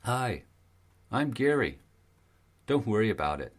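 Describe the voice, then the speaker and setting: A man's voice: lowish voice, very animated, a little slow. A man voicing a friendly male climber with a British accent, lighthearted and easygoing.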